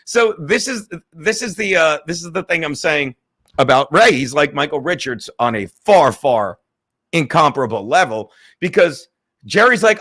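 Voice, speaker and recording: A high-pitched man with a bright, cutting voice, ranting on a livestream. He swears freely and fires back at viewer chats in a combative monologue. Middle-aged, quick to needle his audience. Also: lively intonation. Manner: profane, combative, reading viewer chats aloud. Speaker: livestream host.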